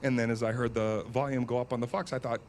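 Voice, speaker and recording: A man's voice: medium pitch, little pitch movement, quick pace, a little mellow, slight background noise. A man telling a comic story as a solo podcast host, self-mocking and laughing at his own tale. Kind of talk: comedic storytelling.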